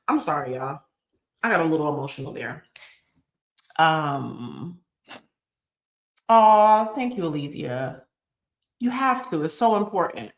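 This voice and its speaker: A woman's voice: on the low side, animated, normal speed. A woman hosting her channel's live chat. She talks in an earnest, emotional, motivational way and repeats phrases for emphasis. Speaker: YouTube channel host. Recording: echoey room.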